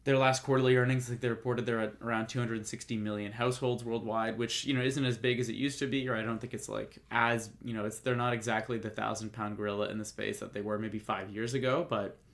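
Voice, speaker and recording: A man's voice: fairly low pitch, little pitch movement, quick pace, gravelly, hardly any pauses, fairly bright tone. A man hosting a podcast, talking casually and jokily, full of fillers and restarts. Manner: rambling, jokey, many fillers and restarts. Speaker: podcast host. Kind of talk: casual solo commentary.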